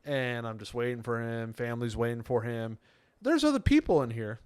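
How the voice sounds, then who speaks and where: Man, podcast co-host, laughing storyteller, smooth clear voice, dry close mic. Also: mid-range voice, animated, fairly quick, dry recording. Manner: laughing storyteller, acts out quotes. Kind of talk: casual chat.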